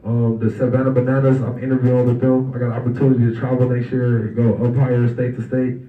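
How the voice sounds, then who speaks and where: A young man giving a casual, storytelling speech as guest speaker at a banquet, relaxed and conversational, acting out the voices of people in his stories. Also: medium pitch, fast talker. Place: banquet hall. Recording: roomy, distant, dull hall recording.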